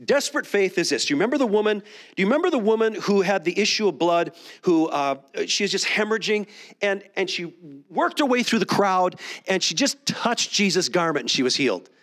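A man's voice: high voice, very animated, a little fast, a bit bright. A man preaching a Sunday sermon in a conversational way, with many restarts. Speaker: pastor. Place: church sanctuary.

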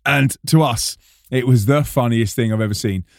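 A man in a lively storytelling monologue, self-mocking and quick to restart his sentences. His voice sits at an ordinary middle pitch. It is recorded close and dry, with no room sound. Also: creaky, no room sound. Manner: animated, self-mocking, often restarts and repeats words. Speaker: preacher and band frontman.

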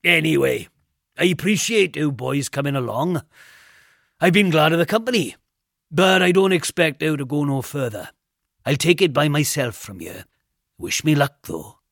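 A man's voice: fairly high pitch, animated, moderate pace, vocal fry, dry recording, clean studio sound, full character voice. A man playing a defiant tough young man. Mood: resolute. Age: young adult. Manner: defiant, raised and shouting when angry.

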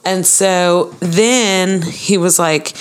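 Woman podcaster rambling thru a story, lowish voice, does all the voices. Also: fairly even intonation, extremely slow, a little hiss or hum. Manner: chatty storyteller acting out quoted dialogue. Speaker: podcast co-host. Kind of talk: casual chat, storytelling.

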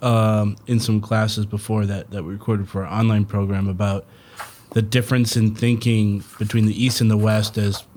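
A man's voice: lowish voice, level tone, normal speed, darkish tone, slight background noise. A man co-hosting a podcast, teasing the others and reading out a listener's question. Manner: joking, teasing, reads listener email. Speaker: podcast co-host. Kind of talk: casual chat.

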